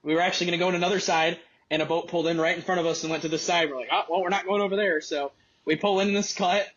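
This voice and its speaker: Excited young man telling a fishing story. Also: high voice, racing, lo-fi sound. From Michigan. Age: young adult. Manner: excited, rambling, many fillers. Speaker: college angler guest. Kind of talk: casual storytelling.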